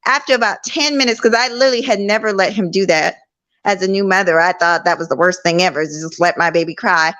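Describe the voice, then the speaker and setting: A middle-aged woman talking over a laptop call, earnest and telling a story in a lively way. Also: fairly low pitch, fast talker. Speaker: guest. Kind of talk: casual conversation. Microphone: laptop online call.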